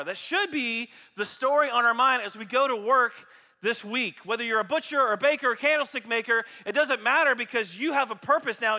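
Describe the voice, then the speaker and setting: A man preaching a sermon to his church, animated and jokey, acting out his illustrations for the congregation. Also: very high-pitched. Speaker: pastor. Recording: reverberant hall.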